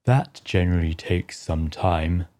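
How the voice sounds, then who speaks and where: A woman voicing a deep-voiced, brusque male griffin in a storybook reading. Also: flat delivery, unhurried, dark tone. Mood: gruff.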